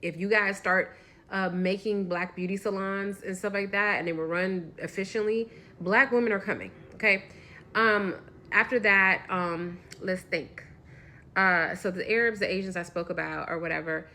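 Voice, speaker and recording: A woman's voice: mid-range voice, steady tone, moderate pace, bright, forceful tone. A woman giving opinionated, rambling casual commentary.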